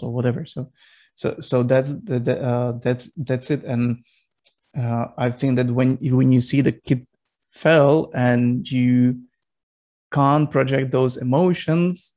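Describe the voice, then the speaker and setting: A man's voice: medium pitch, steady tone, slow, a little mellow. Hesitant man chatting on a podcast. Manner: hesitant, many fillers and restarts. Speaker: podcast host. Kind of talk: casual podcast discussion.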